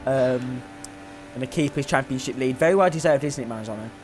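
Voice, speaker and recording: A man's voice: mid-range voice, a little fast, faint music behind. Rambling young male race commentator. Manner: rambling, joking, many fillers. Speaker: sim racing commentator. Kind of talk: live esports race commentary. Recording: faint background noise.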